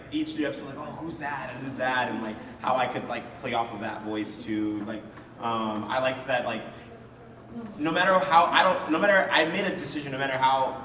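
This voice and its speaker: A man talking casually on a convention panel about voicing a role, animated and laughing often between restarts. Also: medium pitch. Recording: echoey hall from far off, noisy.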